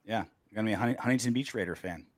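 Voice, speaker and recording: A man co-hosting a casual sports podcast, ranting in an animated, crude way. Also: fairly low pitch, very fast, no room sound. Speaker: podcast co-host.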